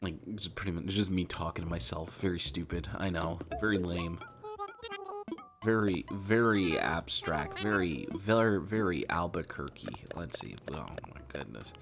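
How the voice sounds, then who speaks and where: A man's voice: deep voice, normal speed, over music. A man chatting casually while playing a game, rambling with self-mocking jokes and asides. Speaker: gaming streamer.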